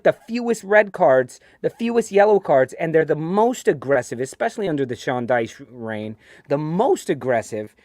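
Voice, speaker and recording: Brief: New York man, stream host, slightly high voice, dry close sound, rambling and chatty. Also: no echo. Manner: chatty, ranting, reads viewer comments aloud. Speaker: host of a fan show. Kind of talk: casual live-stream chat.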